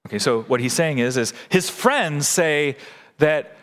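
A man's voice: a little high, animated, unhurried, a bit bright, in a large hall. A man preaching a sermon in a church, earnest and posing questions to the congregation. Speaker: pastor. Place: church sanctuary.

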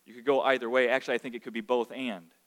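A man preaching a sermon, emphatic and swinging between hushed and loud passages. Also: mid-range voice, little pitch movement, very fast. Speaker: pastor.

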